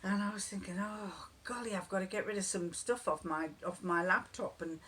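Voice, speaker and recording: A woman's voice: medium pitch, normal speed, a bit bright. A woman chatting casually to camera, rambling and digressive as she tells homely stories. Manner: rambling, digressive, laughs often. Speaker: vlogger.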